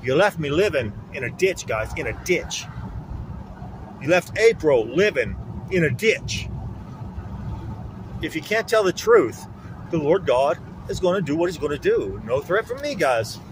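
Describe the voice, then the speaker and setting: A man's voice: fairly high pitch, very animated, measured pace, long pauses, slight background noise. Aggrieved middle-aged man, rambling on a phone. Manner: aggrieved, accusatory, repetitive. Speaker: vlogger. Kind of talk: rambling phone vlog monologue. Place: outdoors, around a lake. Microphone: handheld phone.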